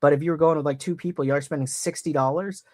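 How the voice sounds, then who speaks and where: A man's voice: on the high side, fairly even intonation, fast, darkish tone, no room sound, clean studio sound. Blunt, swearing man in casual chat. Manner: blunt, sarcastic, swears freely.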